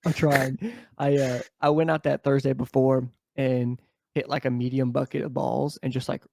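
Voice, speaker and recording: A man's voice: mid-range voice, moderate pace, gravelly, no echo. A man co-hosting a podcast in casual chat, telling stories with lots of swearing and acting out the people in them. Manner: profane, animated storyteller, mimics people. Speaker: podcast co-host.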